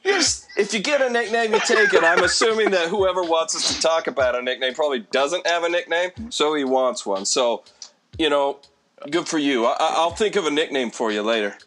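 A man's voice: a little high, fairly quick, a bit bright, a little hiss or hum. A man co-hosting a casual podcast, chiming in with laid-back, dry asides and chat. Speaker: podcast co-host.

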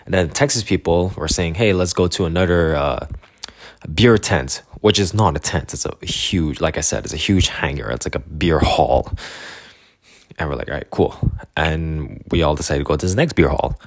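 A man's voice: rumbling low, moderate pace, no echo, clean studio sound. A young man from Canada telling a rambling travel story in casual chat, laughing often and acting out the people he quotes.

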